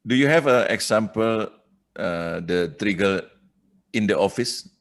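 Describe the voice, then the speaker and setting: Male host, lowish voice, short unhurried questions. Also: expressive. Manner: asks short, slow follow-up questions. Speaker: host and interviewer.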